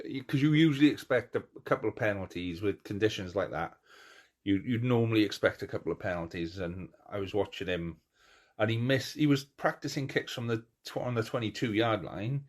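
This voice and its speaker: A middle-aged man with a low voice hosts a casual podcast chat. He talks in an animated, rambling way, stopping and restarting as he acts out the moments he describes. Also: a little fast. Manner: animated storyteller, acts out crowd cheers; chatty, many restarts and fillers. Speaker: podcast host.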